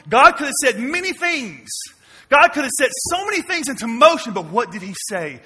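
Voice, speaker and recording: A man, preaching a sermon to his church, moving between quiet low asides and loud emphatic questions. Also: big pitch swings, a little fast, husky. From Mississippi, US. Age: 40s. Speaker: pastor. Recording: long reverb of a large hall.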